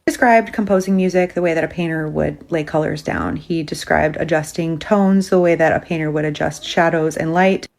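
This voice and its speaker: A woman retelling a strange story in a brisk, conversational way, slipping in quoted dialogue. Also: low-pitched, vocal fry, a little mellow.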